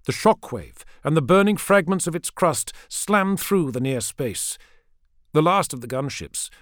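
A man giving dramatic scripted audiobook narration, measured, dropping low at the ends of sentences. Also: no echo, clean studio sound.

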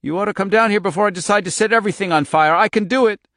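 A man voicing a terrified, furious young girl who shouts desperately, in a dry, close recording. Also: medium pitch, steady tone, normal speed, no room sound, lightly acted. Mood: furious shouting.

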